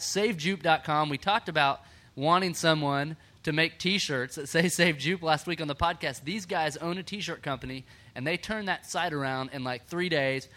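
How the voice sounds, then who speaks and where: A young man from Texas with a Texan accent, hosting a casual podcast chat, chatty and quick to laugh. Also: a little high, bright, forceful tone. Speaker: podcast host.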